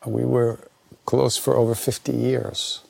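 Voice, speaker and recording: An older American man with a gravelly voice, answering questions as a spiritual teacher in a relaxed, conversational way that often trails off and restarts. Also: medium pitch, a little slow, dry recording. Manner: relaxed, conversational, self-interrupting. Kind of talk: informal spoken Q&A teaching.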